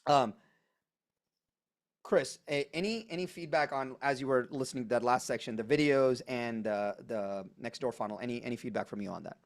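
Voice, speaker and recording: A man presenting a live online coaching workshop, emphatic and energetic, driving points home with punchy repetition over a video call. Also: medium pitch, normal speed.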